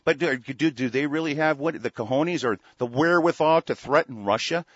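A man's voice: a little high, brisk, no room sound. A man hosting a radio show, delivering an angry, profane political rant full of stammered restarts. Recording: dull lo-fi dry recording.

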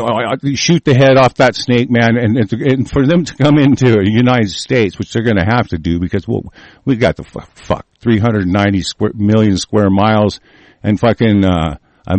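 A man's voice: lowish voice, a little mellow, no echo. Heated, rambling man ranting. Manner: heated, profane, rambling with many restarts. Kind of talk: casual ranting monologue.

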